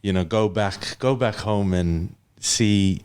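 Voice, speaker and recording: A man's voice: lowish voice, takes it slowly, darkish tone, clear, resonant tone. A man from Papua New Guinea hosting a podcast interview, asking questions casually and encouraging his guest with frequent yeps and yeahs. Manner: encouraging, frequent backchannel affirmations. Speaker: podcast host.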